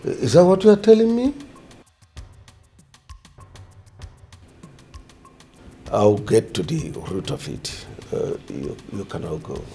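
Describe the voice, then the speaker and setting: Male actor as commanding king, stern and scolding, very lively pitch, light music bed. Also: moderate pace, gravelly, full character voice. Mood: scornful. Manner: scolding, imperious, swings from shouts to low mutters. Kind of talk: period drama acting.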